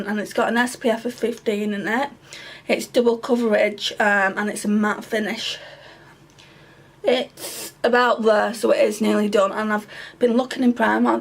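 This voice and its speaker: A British woman vlogging a casual makeup review, out of breath and with a sore throat, chatty and rambling with many ums. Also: medium pitch. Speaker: beauty vlogger.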